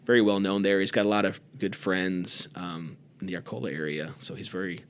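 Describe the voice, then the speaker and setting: Guy with a lowish voice chatting on a podcast, laid back, does little voices when quoting people. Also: brisk. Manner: relaxed, acts out quoted voices with raised pitch. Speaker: podcast co-host. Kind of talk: casual conversational storytelling.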